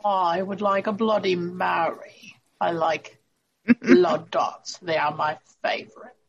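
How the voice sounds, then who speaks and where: Brief: woman as a drawling, vampire-like barfly; gravelly, flat, muffled. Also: on the low side, takes it slowly. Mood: ghoulish.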